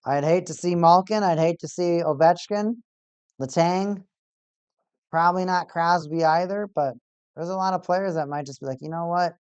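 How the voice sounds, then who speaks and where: Excitable streamer calling hockey, dry sound. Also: medium pitch, normal speed, clear, resonant tone, no room sound, lo-fi sound. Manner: excitable play-by-play, repeats stats aloud. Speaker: watch-party streamer. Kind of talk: casual live hockey commentary. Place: home streaming setup.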